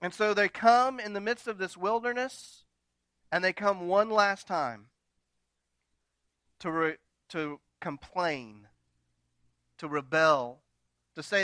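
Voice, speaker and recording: A man preaching a sermon from slides. He swings between loud, dramatic retellings and quiet, intimate asides to the congregation. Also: high voice, slow, long pauses, clean tone, dry recording. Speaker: pastor.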